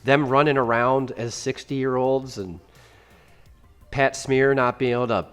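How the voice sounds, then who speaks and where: A man's voice: mid-range voice, fairly even intonation, a little slow, clean tone, soft background music. A man co-hosting a casual movie review podcast, talking bluntly and swearing freely. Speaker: podcast co-host.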